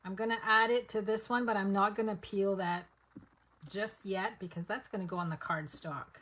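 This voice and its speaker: A woman's voice: mid-range voice, fairly even intonation, moderate pace, fairly bright tone. Chatty woman teaching a craft live. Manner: chatty, step-by-step, talks to viewers while working. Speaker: papercraft instructor.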